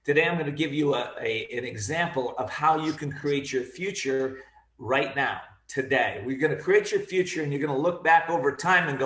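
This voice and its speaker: A man giving an energetic, emphatic motivational talk on a video call, repeating his key phrases. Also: fairly high pitch, moderate pace, echoey room. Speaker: guest speaker.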